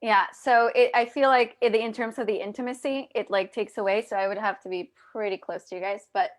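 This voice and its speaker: A woman's voice: mid-range voice, fairly even intonation, a little fast. A woman hosting a casual live video chat, talking straight to her viewers with lots of restarts, over a video call mic. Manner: chatty, addresses viewers directly, many restarts. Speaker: host.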